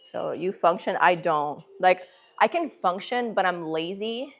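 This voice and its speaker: A woman with a northern city accent chats to her livestream viewers from the gym, loose and slangy. Her voice sits a little low for a woman. She talks straight to the camera like she's talking to friends. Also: expressive, a little slow. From northern United States. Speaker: livestream host. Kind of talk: casual livestream chat. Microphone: phone camera.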